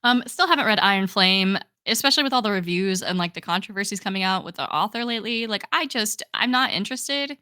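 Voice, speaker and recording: A woman's voice: mid-range voice, lively intonation, fast talker, few pauses, pushed and bright, clean tone, no room sound, studio quality. A young woman co-hosting a podcast, chatting casually and enthusiastically with lots of "like"s. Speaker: podcast co-host. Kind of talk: casual chat.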